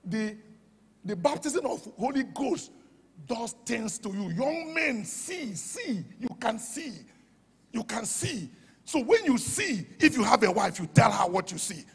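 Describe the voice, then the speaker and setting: A man preaching a sermon in Nigerian English. He talks with fervour, shouts at the high points and drops to a hush for quoted asides. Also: very animated, unhurried, breathy edge. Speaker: pastor. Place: church hall. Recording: long hall reverb.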